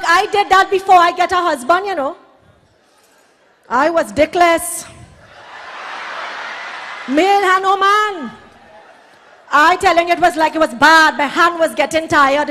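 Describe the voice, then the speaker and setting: A Trinidadian woman doing bawdy live stand-up comedy, brash storytelling with shouted punchlines on a hall stage. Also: high-pitched.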